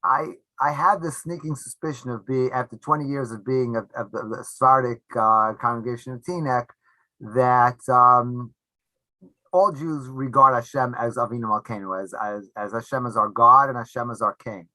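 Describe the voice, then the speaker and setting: A man, a rabbi and author, answering interview questions in a halting, chatty way with frequent restarts and laughs. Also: medium pitch, steady tone, pushed and bright, no room sound, low-quality recording.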